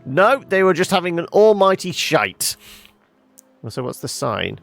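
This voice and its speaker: A man's voice: high-pitched, big pitch swings, unhurried, gravelly, a bit bright, soft background music. A man hosting a game playthrough who makes wry remarks and thinks aloud in casual commentary. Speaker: gameplay host.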